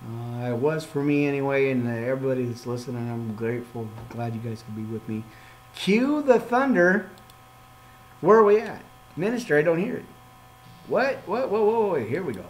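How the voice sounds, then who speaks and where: A man, a minister hosting a live podcast, signing off with excitable, playful talk, frequent amens and asides to himself. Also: mid-range voice, fairly quick, slight background noise. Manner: preacherly amens and exhortations.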